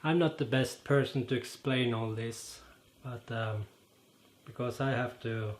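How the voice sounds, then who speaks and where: A man with a Norwegian accent, a native Norwegian speaker, explaining an idea to camera in a halting way and often pausing to search for words. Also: medium pitch. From Norway. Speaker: channel host. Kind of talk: casual explanatory monologue. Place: in front of a green screen.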